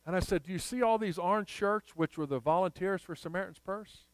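A man's voice: sits high, fairly quick, clean tone, no echo. A man preaching a sermon, telling a personal story and rising to emphatic appeals.

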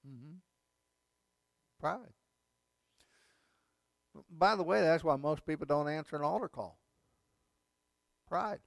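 A man's voice: a little high, slow, creaky, pauses often, dry recording. A male pastor giving a sermon, emphatic, with repeated phrases and casual asides. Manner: emphatic preaching with repetition and asides.

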